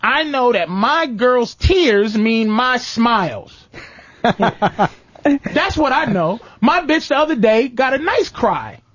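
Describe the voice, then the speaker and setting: A man's voice: very high-pitched, takes it slowly, no room sound, muffled recording. A man hosting a comedic radio talk show, telling stories and acting out voices of others. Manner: animated storytelling, acts out voices. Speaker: host.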